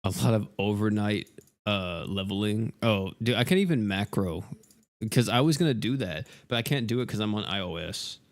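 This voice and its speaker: A man's voice: lowish voice, normal speed. A young man livestreaming a game, rambling casually and exasperatedly to his chat viewers.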